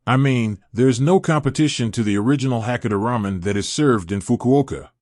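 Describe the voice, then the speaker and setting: A man reading aloud and voicing a kindly, nosy old man in his eighties with a gentle elderly voice. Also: medium pitch, fairly quick, no room sound, studio quality, close to an everyday voice. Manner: gentle, elderly, given to hearty laughs.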